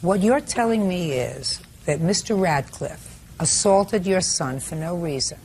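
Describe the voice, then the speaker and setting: An older woman questions litigants from the bench in a brisk, cutting manner. Her voice sits a little low. A faint hiss runs under it. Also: animated. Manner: sharp, rapid-fire cross-examining. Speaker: TV courtroom judge. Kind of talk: courtroom questioning.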